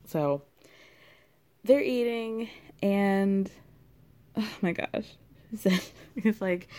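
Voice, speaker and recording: A woman's voice: fairly high pitch, a little slow, mellow. A woman casually retelling a reality show episode, acting out each person's lines and laughing often. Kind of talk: casual recap chat.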